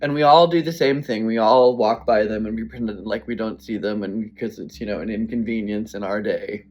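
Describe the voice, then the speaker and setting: A man's voice: lowish voice, a little fast, a little mellow. A man telling a personal story to camera, earnest and emotional, speaking bluntly and swearing now and then. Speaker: vlogger.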